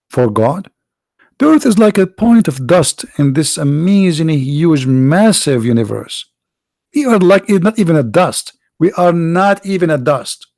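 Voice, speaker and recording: Gravelly-voiced man, sarcastic and tired. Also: a little high, warm tone, no room sound, studio quality. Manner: sarcastic, mocking, rhetorical questions. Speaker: video host and preacher. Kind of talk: mocking commentary monologue.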